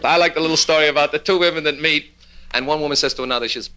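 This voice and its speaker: Bright-voiced joke teller. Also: male voice, on the high side, rapid-fire, a little hiss or hum. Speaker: stand-up comedian. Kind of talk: joke-telling routine.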